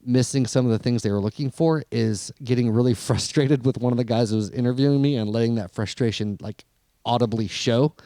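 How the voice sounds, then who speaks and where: A man co-hosting a podcast in casual chat, telling stories with lots of swearing and animated rants. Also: medium pitch, brisk, hardly any pauses, no room sound, studio quality. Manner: profane, animated ranting storyteller. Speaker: podcast co-host.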